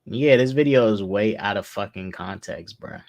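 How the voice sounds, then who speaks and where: A man's voice: lowish voice, normal speed, darkish tone, no room sound. A young man hosting a reaction video, talking bluntly and swearing between muttered asides. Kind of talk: casual reaction commentary.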